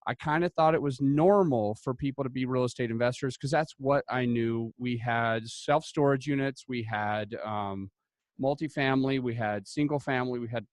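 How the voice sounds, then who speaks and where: A man from Utah, a podcast guest telling his story in a casual, animated way. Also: mid-range voice, no echo. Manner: animated, chatty, many "like" fillers.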